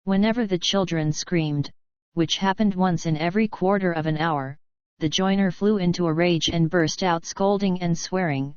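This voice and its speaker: A woman narrating a classic novel as an audiobook reader, in measured, even storytelling, in a dry, slightly dull recording. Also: fairly low pitch, smooth, no room sound.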